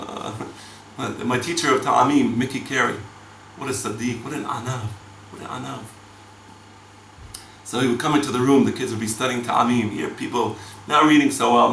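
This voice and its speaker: A man teaching a Torah lecture as a rabbi, animated and chanting verses between his explanations. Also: medium pitch, gravelly, slight background noise. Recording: echoey room, mic from far off.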